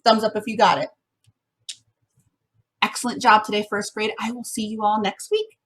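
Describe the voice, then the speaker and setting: A woman's voice: mid-range voice, fairly even intonation, normal speed, fairly bright tone, husky. A woman music teacher giving an encouraging online lesson to first graders, sometimes singing the song examples.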